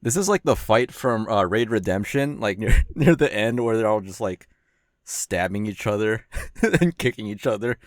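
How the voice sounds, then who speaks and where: A man's voice: on the low side, normal speed, dry recording, studio quality. A man on a casual voice call, telling a jokey, rambling story through laughter.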